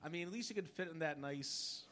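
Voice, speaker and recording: A man's voice: fairly high pitch, brisk, background noise. A man comedian bantering on a live comedy stage with a wry, chuckling delivery. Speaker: comedy debate contestant. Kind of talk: stand-up style banter.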